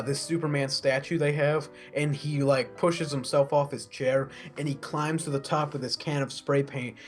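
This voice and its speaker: A man co-hosting a casual movie review, rambling with lots of fillers and restarts. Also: mid-range voice. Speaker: co-host.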